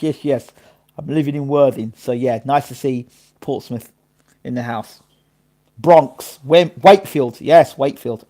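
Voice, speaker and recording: Male live-stream host, casual boxing chat, somewhat high voice, keeps shouting out viewers. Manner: chatty, shouting out viewers by name and place.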